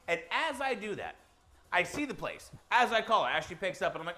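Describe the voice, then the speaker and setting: A man co-hosting a podcast, telling a long anecdote in a casual, animated way and acting out the quotes. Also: high-pitched, a little fast. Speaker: podcast co-host. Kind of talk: casual storytelling.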